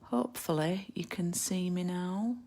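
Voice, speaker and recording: A woman's voice: lowish voice, unhurried, mellow. A British woman hosting a live card-making stream, chatting casually and rambling with lots of ums and asides. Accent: British English. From United Kingdom. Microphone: laptop or phone camera mic.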